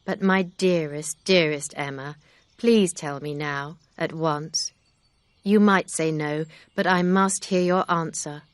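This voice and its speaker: A woman voicing a grave, kind gentleman suitor in an audiobook reading, speaking in a steady, sincere way. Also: low voice, slow, no echo. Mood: tender.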